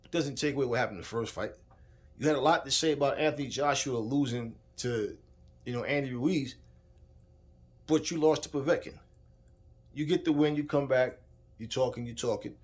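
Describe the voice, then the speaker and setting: A man's voice: medium pitch, a little fast. Brief man, boxing commentator, angry off-the-cuff rant, cursing, mid-range voice. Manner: heated, profane, repetitive, talks straight at the subject. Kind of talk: casual ranting commentary.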